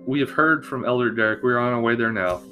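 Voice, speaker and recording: A man voicing a steady, dutiful young male prince who speaks in a measured, formal way. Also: mid-range voice, faint music behind, natural voice.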